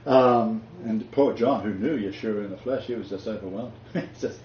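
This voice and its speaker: A man's voice: lowish voice, moderate pace. A man leading a casual bible discussion, talking in an emphatic, preacherly way with frequent laughter. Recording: roomy, dull lo-fi recording with faint noise.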